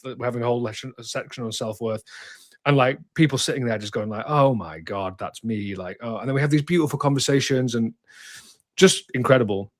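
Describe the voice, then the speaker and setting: A male therapist in his thirties talks candidly in an interview. He is direct and emphatic, restarts his sentences often, and swears now and then without softening it. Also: medium pitch.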